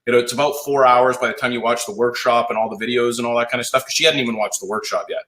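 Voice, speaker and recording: A man coaching a live audience in a blunt, profane, rapid-fire pep talk. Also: mid-range voice, steady tone, fairly bright tone. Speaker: sales coach. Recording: roomy echo.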